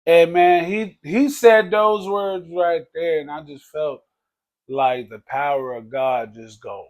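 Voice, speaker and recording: A man telling his life story in a casual podcast conversation, talking loosely and dropping low to quote others. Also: slow pace. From Texas. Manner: conversational, peppers speech with "man" and "bro", drops low for quoted speech. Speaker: podcast guest.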